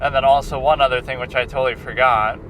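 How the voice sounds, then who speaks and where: A man's voice: mid-range voice, fairly even intonation, quick pace, noisy background. A man and film critic chatting in a rambling, casual vlog, often restarting his sentences, recorded on a handheld recorder outdoors. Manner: meandering, many restarts and fillers.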